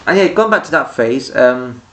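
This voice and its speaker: A man's voice: mid-range voice, animated, normal speed, a bit bright, distant mic. A man ranting casually to camera about people who annoy him, in a rambling way with many restarts. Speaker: vlogger. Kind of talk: casual opinion rant to camera. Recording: echoey room, voice a bit off-mic.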